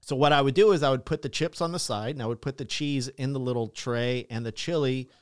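A man hosting a casual podcast chat, an animated storyteller who laughs often and swears freely. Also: mid-range voice, fairly quick, smooth. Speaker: podcast host.

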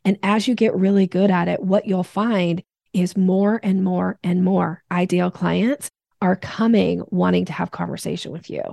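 A woman guest on a podcast, explaining sales steps in an energetic teaching manner. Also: lowish voice, moderate pace, creaky, no room sound, clean studio sound. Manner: energetic teacher, acts out voices in examples.

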